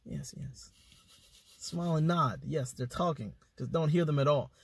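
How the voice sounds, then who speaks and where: A man speaking as a podcast guest, telling stories in an animated, slangy way with swearing. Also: on the high side, normal speed, breathy edge, dry recording. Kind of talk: casual conversation.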